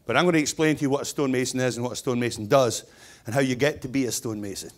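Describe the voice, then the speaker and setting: A man's voice: mid-range voice, steady tone, racing. A Scottish man in his sixties giving a keynote speech as a stonemason, in a blunt, jokey, conversational manner. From Scotland.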